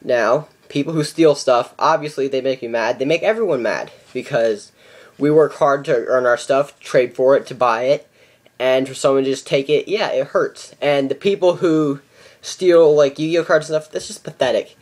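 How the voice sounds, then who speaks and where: A man's voice: mid-range voice, normal speed. A seventeen-year-old boy ranting in a casual vlog, exasperated and repeating how ridiculous things are. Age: teens. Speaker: card game vlogger.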